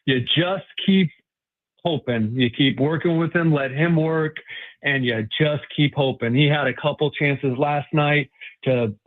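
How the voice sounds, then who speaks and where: A man joins a sports show as a guest writer, rambling and restarting his thoughts as he goes. His voice sits a little high and comes through a thin, tinny phone line. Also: a little slow. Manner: rambling, hesitant, many restarts and fillers. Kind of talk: casual sports talk.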